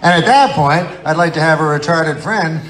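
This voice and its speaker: This middle-aged stand-up comedian has a slightly high voice and speaks at a normal pace. He meanders through a profanity-laced story at a live comedy show, with heavy background noise from audience laughter.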